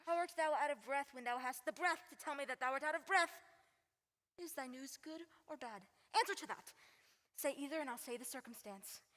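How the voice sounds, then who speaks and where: A woman's voice: sits high, fast, fairly bright tone. A young woman acting an eager, impatient young girl in love in a school stage play. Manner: pleading, impatient. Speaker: high school stage actor. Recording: school hall reverb.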